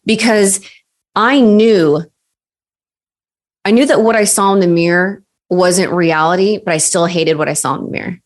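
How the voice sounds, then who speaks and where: A woman in her thirties, a guest on an interview show, telling personal stories in a lively way. She uses many fillers and acts out quoted voices. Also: medium pitch, normal speed. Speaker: podcast guest, success coach. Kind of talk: casual interview storytelling.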